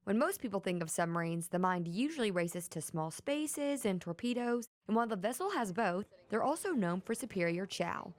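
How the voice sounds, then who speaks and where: A woman TV news reporter reading a scripted feature voice-over in a measured, clear way. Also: medium pitch, animated, no room sound.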